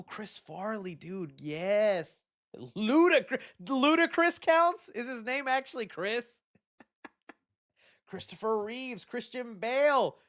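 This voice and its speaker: Animated joking man hosting a live stream. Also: sits high. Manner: animated and joking, reads chat aloud. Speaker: host. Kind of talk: casual live-stream chat.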